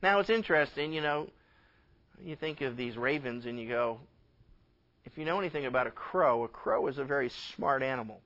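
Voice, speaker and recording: A man, a pastor, teaching a Bible passage in an impassioned sermon, swinging from loud emphatic lines to quiet asides and acting out bits of dialogue. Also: mid-range voice, expressive, dull audio. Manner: acts out dialogue with God and others in quick conversational voices.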